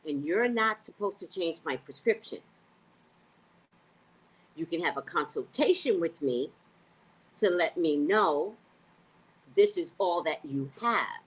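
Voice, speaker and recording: Husky-voiced woman ranting animatedly. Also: lowish voice, slow, pauses often. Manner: animated, profane, acts out quotes. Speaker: vlogger. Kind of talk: casual storytelling rant.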